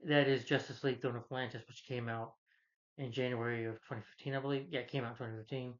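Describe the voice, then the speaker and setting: A man's voice: mid-range voice, flat delivery, fast. Rambling man reviewing a movie. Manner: rambling, loose, with many fillers and restarts. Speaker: film reviewer. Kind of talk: casual spoken movie review. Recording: dull lo-fi recording.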